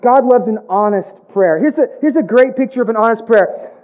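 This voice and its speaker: A pastor with an extremely high-pitched, darkish voice preaches a sermon at a moderate pace, using emphatic repetition, comic put-on voices, and playful asides. The recording is dull and lo-fi.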